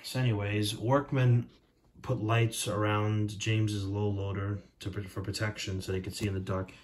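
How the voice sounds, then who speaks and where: A man's voice: lowish voice, flat delivery, normal speed, a little hiss or hum. A man narrating a homemade train story casually, with rambling, jokey asides.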